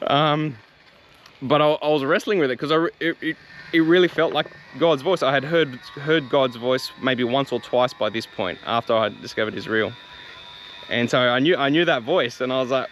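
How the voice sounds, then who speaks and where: A young man casually retelling a personal faith story, chatty and quick to laugh, with lots of fillers and restarts. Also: mid-range voice, a bit bright, a little hiss or hum.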